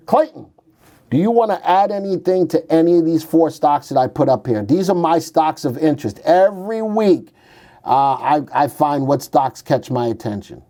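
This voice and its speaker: A man with a fairly high, dark-toned voice hosts a casual stock market livestream. He jokes around and thinks out loud while pulling up charts.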